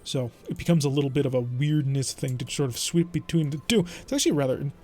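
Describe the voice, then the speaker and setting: Talking fast in a mellow, medium-pitched voice, a young man streams himself playing a mech strategy game. He narrates each move with dry humor and playful exasperation, chatting away in a let's-play style.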